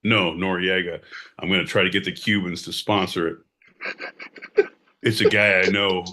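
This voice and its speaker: A man's voice: sits low, fairly even intonation, normal speed, background noise. A man co-hosting a podcast, bantering sardonically with mock-grand announcements and frequent swearing. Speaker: podcast co-host. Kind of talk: casual comedic banter.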